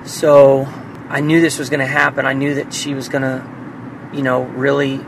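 A man's voice: mid-range voice, flat delivery, normal speed, gravelly, noisy background. Earnest, emotional man recording a video diary. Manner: earnest, emotional, sighs often. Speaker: father.

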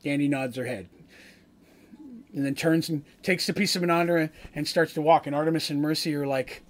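Male game master, casual rambling recap, self-corrects a lot, slightly high-pitched. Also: brisk.

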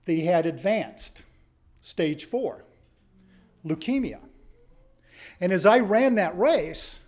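Middle-aged man, high voice, motivational speaker telling a personal story on stage, big swings from quiet to loud. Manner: dramatic storyteller, swings from hushed to shouting. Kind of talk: storytelling speech to a live audience.

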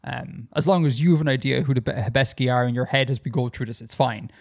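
A man talking casually on a podcast, chatty and loose. He stumbles and restarts his sentences often and fills the gaps with ums. His pitch is in a middle range. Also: steady tone, quick pace, creaky. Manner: chatty, hesitant with many restarts and fillers. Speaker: podcast co-host.

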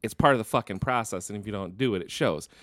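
A man's voice: on the low side, quick pace, a bit bright, dry recording. A young man with a Northern Michigan accent co-hosting a casual movie chat, thinking aloud earnestly and swearing freely. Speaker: podcast co-host.

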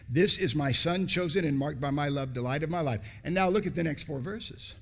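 A man preaching a sermon, repeating phrases for emphasis and swinging between loud, raised bursts and low, hushed lines. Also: brisk, few pauses.

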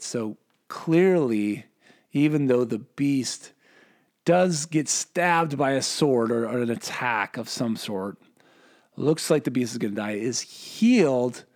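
A man's voice: mid-range voice, expressive, slow, pauses often. A man giving a casual Bible teaching in a rambling, joking way, correcting himself often and asking rhetorical questions.

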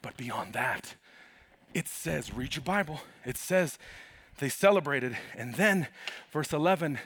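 Animated, high-voiced man preaching. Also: measured pace, breathy edge, no echo. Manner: animated, humorous, calls out to the congregation. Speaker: pastor. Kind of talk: sermon.

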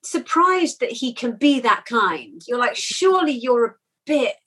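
Brief: female faith podcast co-host, fairly high voice, reflective, rambling. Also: animated, a little slow, fairly bright tone, breathy edge. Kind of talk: casual faith discussion.

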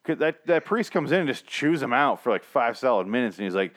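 A man's voice: mid-range voice, lively intonation, fairly quick, few pauses, a bit bright. A man co-hosting a casual movie-review podcast, swearing freely, rambling and laughing often. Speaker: podcast co-host.

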